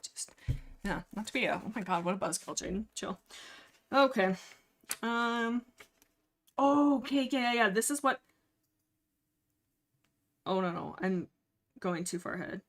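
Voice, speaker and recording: A woman's voice: medium pitch, unhurried, long pauses, a bit bright. Young adult woman host, casual and rambling, filler-heavy book chat. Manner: rambling, many filler likes. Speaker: livestream host.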